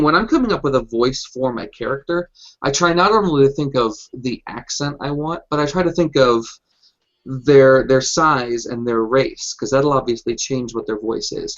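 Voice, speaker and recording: A man's voice: mid-range voice, a bit bright. Man explaining over a dull call. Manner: explanatory, hesitant with many ums. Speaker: game master panelist. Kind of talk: casual hangout chat. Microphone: video call. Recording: dull lo-fi video call audio.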